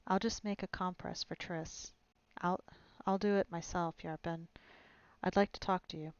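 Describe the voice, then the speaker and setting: A woman's voice: fairly low pitch, fairly even intonation, moderate pace, smooth, no echo, highs cut off, close to an everyday voice. A woman reading aloud and voicing a terse, grim male monster hunter who speaks curtly and levelly. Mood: stern. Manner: curt, level.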